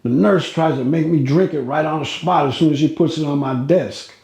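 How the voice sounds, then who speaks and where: A man's voice: a little high, a little fast, a little mellow, slight background noise. A man voicing a cranky, arrogant old Italian mobster who curses and needles, in a roomy echo. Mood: irritated. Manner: gruff, cursing, needling.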